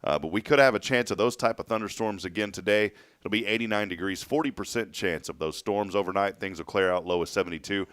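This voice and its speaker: A man's voice: fairly low pitch, fast, hardly any pauses, smooth, no room sound. A man hosting a casual morning radio show, joking and laughing easily while reading the weather. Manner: lively, jokey, laughs often.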